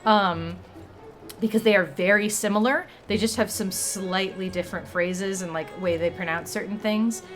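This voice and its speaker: A woman's voice: medium pitch, fairly even intonation, moderate pace, faint music behind. A woman chatting casually on a livestream, rambling along with many fillers and restarts. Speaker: streamer.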